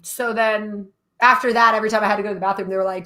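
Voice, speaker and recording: A young woman telling a funny story in a casual live chat, animated and full of laughs. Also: mid-range voice, racing. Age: young adult. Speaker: co-host.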